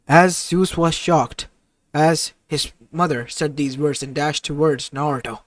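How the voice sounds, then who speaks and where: Rich: A man narrating a fan-fiction tale off the cuff, stumbling and restarting as he goes. His voice sits fairly high, and the sound is close and dry. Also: steady tone, measured pace, no echo. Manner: hesitant, with restarts. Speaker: storyteller.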